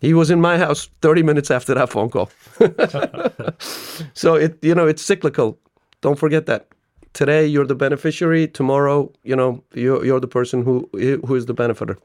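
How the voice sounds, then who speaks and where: A man speaks as a podcast guest, spinning stories and acting out both sides of a conversation with plenty of laughter. His voice sits at an ordinary middle pitch. The sound is dry and close, with no room echo. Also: normal speed. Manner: animated storyteller, laughs often, acts out dialogue. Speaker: business owner guest. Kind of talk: podcast interview.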